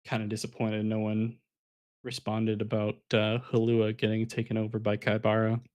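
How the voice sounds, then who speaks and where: A man casts a live online card game tournament, talking casually and chatting with viewers as he walks through the plays. He sounds sleepy and yawns, his low-ish voice monotone, moderately paced and a little mellow.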